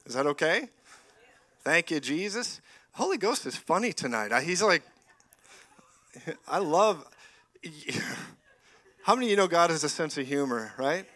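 Bright, animated male preacher. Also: fairly high pitch, a little slow, long pauses. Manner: animated, laughs often, rising to loud exclamations. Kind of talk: lively charismatic sermon.

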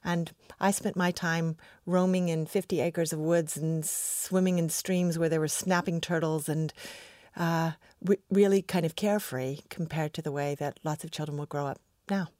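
An American woman talks as a podcast guest, recounting things with enthusiasm. Her voice is somewhat low for a woman, and the recording is dry and close. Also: fairly even intonation, moderate pace, a little mellow, dry recording. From United States. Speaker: research scientist, guest. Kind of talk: podcast interview.

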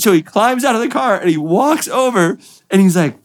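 A young man with a slightly high voice tells a racing story. He gets animated and keeps breaking into excited impressions of his teammates. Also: a little fast. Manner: excited, acts out voices in quotes. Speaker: drift driver, podcast guest.

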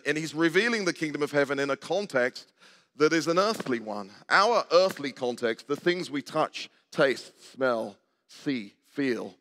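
Older male preacher, chatty sermon style, quizzes the pews, slightly high voice, long church reverb. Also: a bit bright. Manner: conversational, asks the congregation questions and jokes. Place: church sanctuary.

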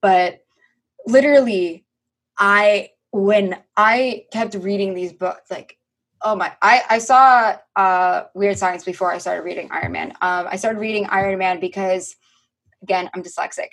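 A young woman, a podcast guest, telling stories in a lively, animated way, acting out quotes and swearing casually. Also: medium pitch, measured pace. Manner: animated storyteller, acts out quotes, swears freely. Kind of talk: casual conversation.

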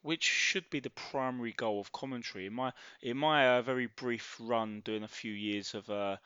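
Low, bright-toned Cockney man. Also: clear, resonant tone, dry recording, highs cut off. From East London, England. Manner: wry, self-mocking, easygoing. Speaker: podcast co-host. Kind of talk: casual podcast chat.

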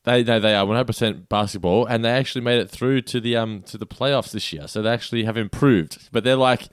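A man's voice: mid-range voice, a little fast, dry recording, clean studio sound. A man co-hosting a podcast, chatting loosely over trivia with hesitant restarts and frequent laughs. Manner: laid-back, hesitant, laughs often. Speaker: podcast co-host. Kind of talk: casual chat, trivia quiz.

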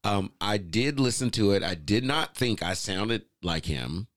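A middle-aged man, a guest singer, telling relaxed stories with a chuckle in an interview. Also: on the low side, measured pace, dry recording, studio quality. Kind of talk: casual interview storytelling.

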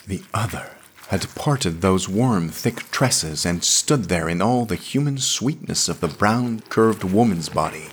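A man narrating a story in a slow, measured, hushed dramatic reading. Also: low voice, a little hiss or hum. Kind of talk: dramatic audiobook reading of pulp science fiction.

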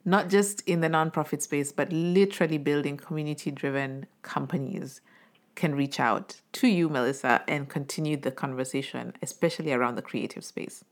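A woman's voice: sits low, fairly even intonation, moderate pace. A woman hosting a podcast, encouraging her guest with affirmations and a loose, filler-heavy way of talking. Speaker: podcast host. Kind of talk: casual interview conversation.

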